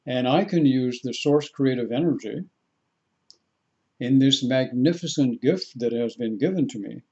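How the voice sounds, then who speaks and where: A man, a spiritual teacher, leading a guided meditation talk in a slow, deliberate way and repeating phrases for the listener. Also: mid-range voice, dark tone, dull audio.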